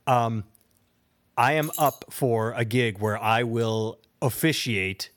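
A man's voice: medium pitch, fairly even intonation, a little slow. Opinionated man ranting on a podcast. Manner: opinionated, ranting with mocking quotes. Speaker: podcast co-host. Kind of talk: casual chat.

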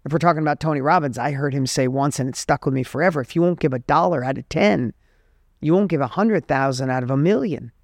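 This middle-aged man, a podcast host, talks quickly in a fairly high pitch, recorded at studio quality with no room sound. He delivers an earnest, emphatic motivational monologue, using stories to drive his points home.

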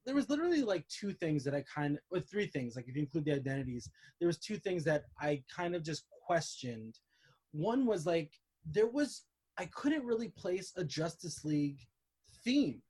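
A man in casual chat about movies, rambling and animated with frequent restarts. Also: sits high, a little fast, slightly rough.

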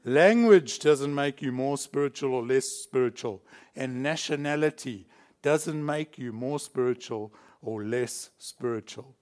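A man's voice: medium pitch, unhurried, a little mellow. A man from South Africa preaching a sermon in a church, emphatic and chuckling between points. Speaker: pastor.

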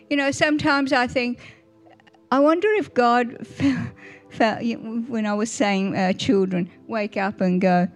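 Over soft background music, a guest speaker at church, an older woman with a fairly high voice, talks a little slowly. She tells warm family stories for Mother's Day, laughing softly and often asking the congregation questions.

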